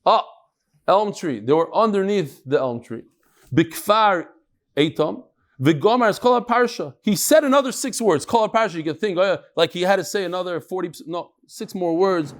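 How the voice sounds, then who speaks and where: A man giving a daily Talmud lesson, lively and joking, mixing Hebrew and Aramaic terms into his explanations. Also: high-pitched, normal speed. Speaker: Talmud teacher.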